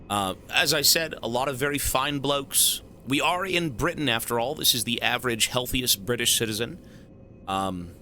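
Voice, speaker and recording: A male streamer riffs with his chat, cursing and teasing as he thanks donors. His voice is strikingly bright and edged. His pitch swings up and down constantly as he talks. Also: a little hiss or hum. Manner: animated, profane, joking banter with chat.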